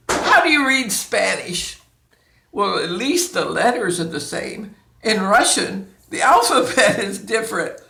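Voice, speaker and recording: A woman teaching a beginners' language lesson in a patient, deliberate way, drawing out sounds to demonstrate them. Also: mid-range voice, sharp tone. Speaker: Spanish teacher. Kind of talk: slow, patient classroom instruction. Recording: echoey room.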